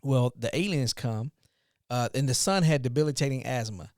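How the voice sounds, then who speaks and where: A man co-hosting a podcast, retelling a story in an animated, rambling way with restarts. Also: mid-range voice, moderate pace, no room sound, studio quality. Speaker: podcast co-host, father, youth mentor. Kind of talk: casual storytelling.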